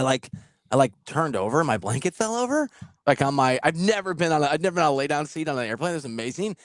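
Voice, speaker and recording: Lively, animated male podcast host. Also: sits high, no room sound, studio quality. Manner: animated, laughing storyteller who swears. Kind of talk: casual storytelling chat.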